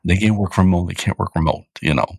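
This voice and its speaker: A man's voice: deep voice, fast talker, gravelly, slightly rough, dry recording. A man with an American accent hosting a casual podcast, rambling and correcting himself as he goes. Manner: rambling, self-correcting, laughs at own jokes. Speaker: podcast host. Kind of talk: casual chat.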